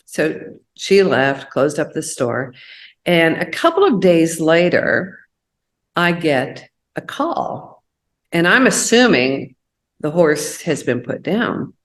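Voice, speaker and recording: A woman's voice: sits low, slow pace. A woman chats on a talk show. She tells her stories with lots of animation and acts out the people she quotes. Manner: animated storyteller, acting out quoted voices. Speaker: co-host. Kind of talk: casual chat.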